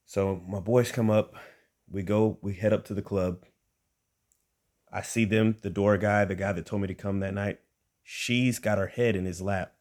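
Deep-voiced man telling a wild story. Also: normal speed. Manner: animated, conversational, addresses listeners directly. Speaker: storyteller and podcast host. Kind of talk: comic personal storytelling.

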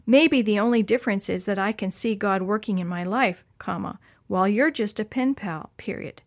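A woman's voice: mid-range voice, moderate pace, lightly acted. A woman voicing an earnest, thoughtful boy who speaks carefully.

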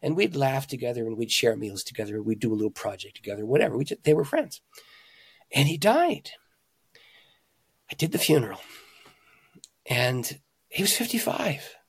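A man, a pastor and author, telling stories in an interview with animated emphasis, swinging between loud, excited lines and hushed ones. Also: mid-range voice, normal speed, creaky, long pauses, slightly rough. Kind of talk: conversational storytelling.

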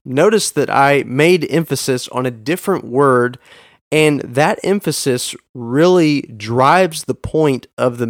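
A man hosting a podcast on Bible reading, talking straight to the listener in an earnest way and stressing words with big swings in pitch. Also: no echo, studio quality. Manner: earnest, addresses the listener directly. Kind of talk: podcast teaching talk.

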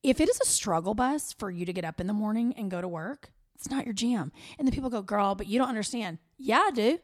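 A woman with a Southern American accent co-hosting a podcast in candid, animated chat. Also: fairly high pitch, fast, dry recording, clean studio sound. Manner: animated, chatty, with playful quoted voices. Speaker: podcast co-host.

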